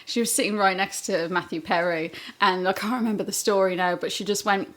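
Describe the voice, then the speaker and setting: A woman's voice: medium pitch, fairly even intonation, brisk. A woman co-hosting a casual podcast, telling gossipy stories with lots of laughter. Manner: giggly, gossipy storytelling. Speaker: podcast co-host.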